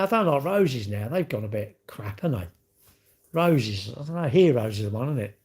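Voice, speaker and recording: A man's voice: mid-range voice, darkish tone, husky. A middle-aged man, rambling through casual live-stream chat and answering viewers' comments with strong opinions. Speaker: livestream host.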